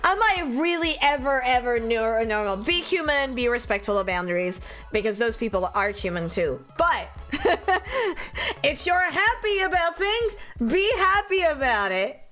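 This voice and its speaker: A woman's voice: high-pitched, expressive, measured pace, a bit bright, soft background music. A young adult woman streaming and chatting casually, rambling and giggling often while teary and emotional. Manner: giggly, rambling, self-deprecating.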